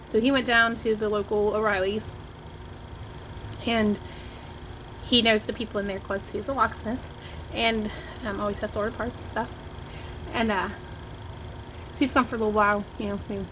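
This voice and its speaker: A woman's voice: mid-range voice, steady tone, normal speed, pauses often, background noise. A woman from Ohio telling a story to camera in a chatty vlog, with lots of "like" and "oh my gosh". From Ohio, USA. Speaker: vlogger. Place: home, dogs nearby. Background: barking dogs.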